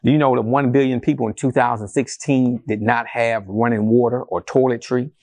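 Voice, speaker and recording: A male pastor preaching a sermon to a congregation in a church, animated and conversational, with rhetorical questions and calls to the congregation. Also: medium pitch, a little fast. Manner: addresses the congregation as family, calls for responses.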